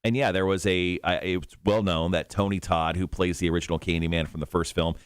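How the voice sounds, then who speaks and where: A man's voice: deep voice, smooth, no echo, clean studio sound. A man co-hosting a radio show, chatting casually and laughing easily. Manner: animated, quick to laugh.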